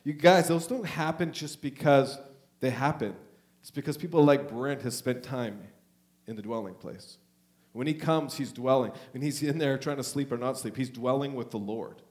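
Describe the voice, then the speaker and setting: A man preaching a charismatic Pentecostal sermon in a church, emotional and swinging between loud urging and soft, hushed talk. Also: medium pitch, normal speed. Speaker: pastor.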